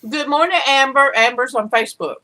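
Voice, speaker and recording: A woman's voice: sits high, fairly quick, pushed and bright, low-quality recording. A woman hosting a casual livestream, chatting and greeting viewers by name, laughing easily. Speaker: livestream host.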